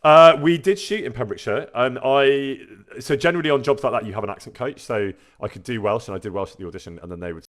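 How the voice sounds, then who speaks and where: A man's voice: mid-range voice, fast talker, hardly any pauses. A man, chatting casually on a live stream and answering viewer questions, self-deprecating and laughing often. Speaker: streamer and actor.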